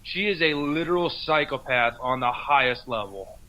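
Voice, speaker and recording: A man's voice: mid-range voice, expressive, normal speed, bright, forceful tone, poor audio. A middle-aged man guesting on a podcast, trading blunt, scornful quips in casual banter.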